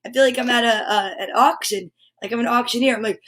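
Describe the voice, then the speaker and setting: A woman's voice: fairly high pitch, fast, few pauses, fairly bright tone. A woman hosting a morning livestream, upbeat and chatty, greeting viewers by name and exclaiming often. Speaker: livestream host.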